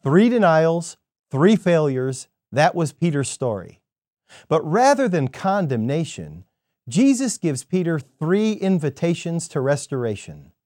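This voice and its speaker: Man, scripted sermon host, lively storytelling delivery, slightly higher voice, dry close sound. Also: no room sound. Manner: expressive storytelling. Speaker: devotional speaker.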